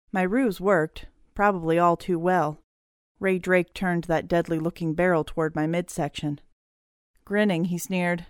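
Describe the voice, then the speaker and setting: A woman reading a first-person audiobook story in a steady, clear storytelling manner. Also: lowish voice, dry recording, studio quality. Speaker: audiobook narrator.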